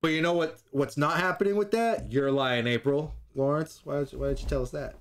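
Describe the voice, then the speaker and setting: A man's voice: a little high, a little fast. A man co-hosting a casual review podcast, ranting with lots of swearing and acting out little impressions of people. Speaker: podcast co-host. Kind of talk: casual chat.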